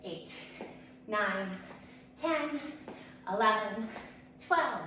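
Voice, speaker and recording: A woman's voice: medium pitch, lively intonation, drawn-out words, sharp tone, a little hiss or hum. A woman fitness instructor leading a workout, upbeat and out of breath as she counts reps and coaches. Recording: echoey room, distant mic.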